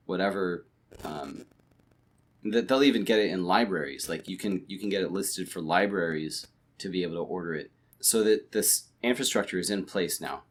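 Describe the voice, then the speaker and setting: A man co-hosting a podcast at home late at night, chatting casually and rambling with many restarts and fillers. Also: deep voice. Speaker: podcast co-host. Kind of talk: casual chat.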